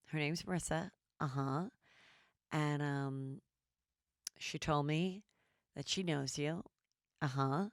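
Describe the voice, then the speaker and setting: A woman imitating a hesitant young man, speaking softly in a low, halting way. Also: no echo, clean studio sound. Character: hesitant young man delivering bad news.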